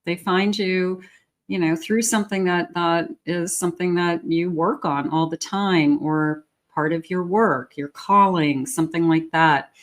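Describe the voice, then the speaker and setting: A woman's voice: on the low side, fairly even intonation, a little slow. A woman reading tarot cards for her viewers in a casual, chatty way, often repeating herself and laughing lightly. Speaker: tarot reader.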